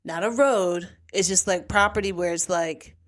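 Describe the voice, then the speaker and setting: At a moderate pace and fairly low pitch, a woman podcast host chats casually about a TV episode. She's a lively storyteller who voices the characters' lines while she retells it.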